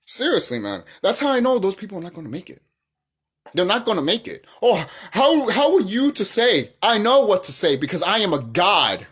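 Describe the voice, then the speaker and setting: Husky, animated ranting vlogger. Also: medium pitch, brisk. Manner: profane, heated, full of rhetorical questions; repeats phrases for emphasis. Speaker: channel host. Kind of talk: casual ranting monologue.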